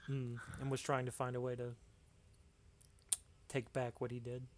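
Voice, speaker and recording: A man's voice: medium pitch, completely flat delivery, unhurried. A man chatting casually as a tabletop game player, thinking aloud and often restarting his sentences. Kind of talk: casual chat.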